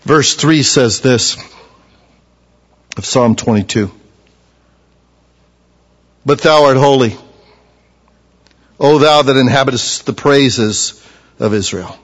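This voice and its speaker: A man delivers a sermon with a middle-pitched voice. His delivery climbs to loud, fervent peaks and then drops to low, quiet teaching. The sound rings with a long reverb, as in a large hall. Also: slow pace, long pauses, breathy edge. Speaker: preacher.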